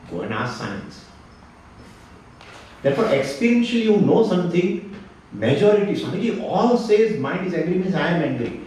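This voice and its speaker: A man giving a spiritual lecture, lively and fond of rhetorical questions and repeated phrases. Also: fairly high pitch, distant mic. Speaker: Vedanta teacher. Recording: echoey hall, speaker away from the mic, faint noise.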